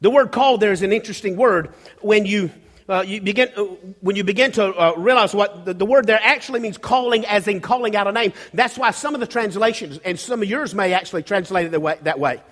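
Male pastor, high voice, preaching in a reverberant church hall, halting restarts and rising emphasis. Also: fairly bright tone. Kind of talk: sermon. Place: church sanctuary.

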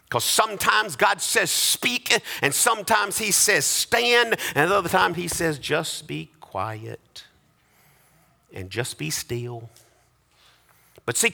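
Male pastor mid-sermon, high voice, dramatic pauses and rising cadence. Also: vocal fry, bright, forceful tone.

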